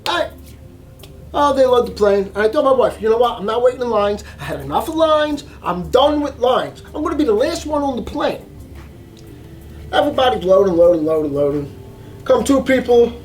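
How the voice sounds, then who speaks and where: A man telling a story in an excitable way, acting out voices and reactions. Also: extremely high pitch, normal speed, faint music behind. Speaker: vlogger telling a travel story. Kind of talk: animated storytelling monologue.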